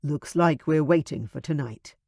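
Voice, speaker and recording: A man's voice: fairly high pitch, normal speed, gravelly, mellow, no room sound, studio quality. A man voicing a confident young man in love in an audiobook, earnest and tender.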